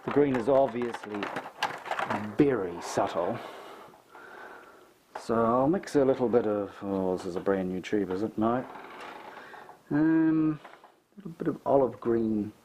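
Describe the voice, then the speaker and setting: A middle-aged man with a New Zealand accent, chatting and thinking aloud as he paints a landscape, self-mocking and relaxed. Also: mid-range voice, a little slow, long pauses, slight background noise, poor audio. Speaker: painting tutor. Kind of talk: casual painting tutorial.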